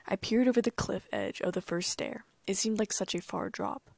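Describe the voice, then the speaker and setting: A woman narrating a first-person audiobook in a calm, even storytelling manner. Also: medium pitch, normal speed, vocal fry, no room sound.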